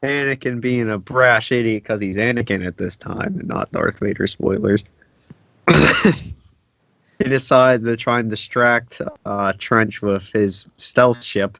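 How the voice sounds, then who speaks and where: A man's voice: medium pitch, measured pace, fairly bright tone, no room sound. Male podcast co-host, laid-back, joking, dry and muffled lo-fi sound. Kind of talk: casual chat.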